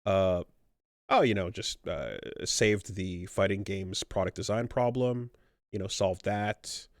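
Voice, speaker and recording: A man's voice: low-pitched, slow, no echo. Middle-aged guy rambling on a podcast, lots of ums and restarts, dead dry sound. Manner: rambling, many fillers and restarts. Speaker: podcast co-host. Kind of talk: casual chat.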